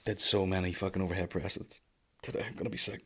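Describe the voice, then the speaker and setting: A comedian rambling through a casual podcast monologue, his voice sitting fairly low. He swears freely, piles on jokes and now and then jumps into loud, high mocking voices for bits. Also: flat delivery, quick pace, slightly rough. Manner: profane, rambling, jokey. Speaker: podcast host, stand-up comedian.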